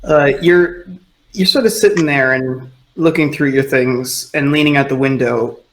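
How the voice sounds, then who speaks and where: A man at mid pitch narrating a tabletop role-playing game as its game master. He talks in loose, rambling stretches full of fillers like "sort of" and "like". His delivery is casual and conversational. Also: measured pace, a bit bright, poor audio.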